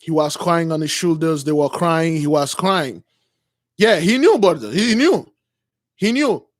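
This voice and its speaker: A man retelling a sacred tale in a casual, repetitive, halting way, full of slang and restarts. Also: a little high, animated, dry recording, clean studio sound. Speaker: religious storyteller.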